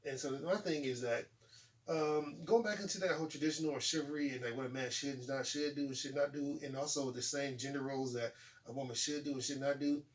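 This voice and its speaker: A man's voice: medium pitch, quick pace, far from the mic. A man in his forties hosting a casual talk show, telling stories with laughs and acting out what people said. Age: 40s. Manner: animated, laughing storyteller acting out quotes. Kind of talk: casual chat.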